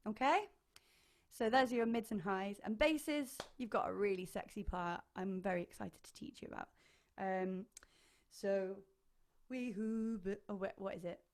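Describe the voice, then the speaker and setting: A woman choir leader teaches harmony parts online, chatty and enthusiastic, singing short phrases to demonstrate and using hesitant fillers. Her voice is medium-pitched and darkish, at a normal speed.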